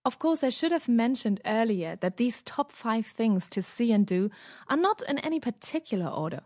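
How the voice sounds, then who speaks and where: A woman's voice: fairly high pitch, sing-song, normal speed, darkish tone, dry recording, clean studio sound. A woman, the show's cultural correspondent, reading a cheerful scripted travel segment in a language lesson.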